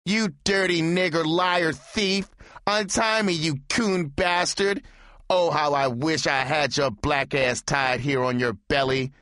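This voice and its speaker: A man voicing an effeminate young man in an audiobook reading, in a high, shrill falsetto. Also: fairly even intonation, slow, bright, forceful tone, no room sound, clean studio sound. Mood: screaming. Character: effeminate young man, pleading then spiteful.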